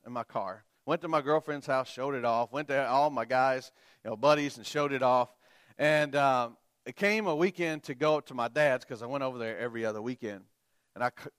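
Middle-aged preacher, soft to loud. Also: male voice, mid-range voice, dry recording, studio quality. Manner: swings between soft, quiet telling and loud, emphatic preaching. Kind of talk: sermon with personal storytelling.

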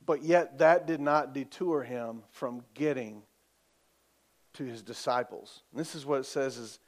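A man preaching a sermon as pastor, telling the story vividly, asking for amens and dropping from loud to hushed. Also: medium pitch, unhurried. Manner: lively storytelling, swings between loud and hushed; asks the congregation for amens.

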